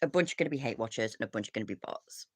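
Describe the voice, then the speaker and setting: A woman's voice: very deep voice, animated, very fast, breathy edge, no room sound. Swearing woman ranting casually. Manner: rambling, swearing, frequent restarts and sighs. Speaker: commentary streamer.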